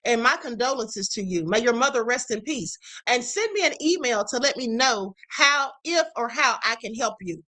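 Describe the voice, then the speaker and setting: A woman's voice: a little high, lively intonation, normal speed, hardly any pauses, pushed and bright. A woman hosting a live stream, reacting with emphatic commentary and reading out viewer comments. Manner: outspoken, emphatic, addresses viewers as beloveds. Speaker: livestream host.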